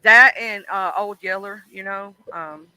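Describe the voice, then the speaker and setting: A man's voice: high voice, a little slow, bright, forceful tone, smooth, no room sound, low-quality recording. A man hosting a stream, chatting casually and rambling with lots of ums and "you know"s, laughing as he tells childhood stories. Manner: laughs and acts out childhood voices. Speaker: stream host. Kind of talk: casual chat.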